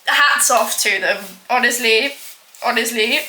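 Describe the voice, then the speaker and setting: High-voiced woman, chatty and self-mocking. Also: measured pace, noisy background. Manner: rambling, self-mocking, full of filler "like". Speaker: baking vlogger. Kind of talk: casual chatty vlog. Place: home kitchen. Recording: echoey kitchen with clattering dishes.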